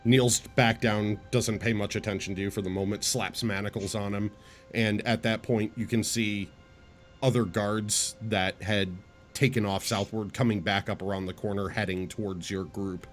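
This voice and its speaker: A man's voice: on the low side, fairly even intonation, moderate pace, soft background music. A man narrating as game master, describing the scene in short clipped phrases.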